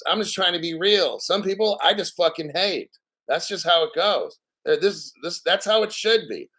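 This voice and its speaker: A man hosting a casual livestream, reading out donations and ranting bluntly with lots of swearing and frequent throat clearing. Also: on the high side, expressive, moderate pace, fairly bright tone. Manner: blunt, profane, combative. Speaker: crypto livestream host.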